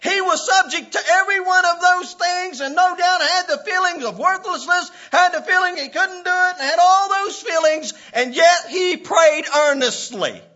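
Guy preaching hard, real high bright voice, yelling bits, dull lo-fi recording. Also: normal speed, few pauses. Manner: impassioned preaching, breaking into shouts and laughs. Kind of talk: sermon.

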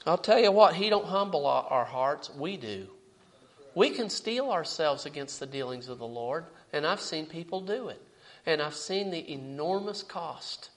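A man with a high voice preaching a sermon. He reads scripture aloud and presses each point with rising emphasis. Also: lively intonation, normal speed, fairly bright tone, poor audio.

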